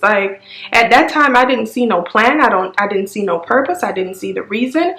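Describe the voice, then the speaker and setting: Woman vlogging, shaky emotional story, voice jumps up high when upset, roomy echo. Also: animated, moderate pace, a bit bright. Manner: raw, tearful retelling with sudden rises. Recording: echoey room with faint music.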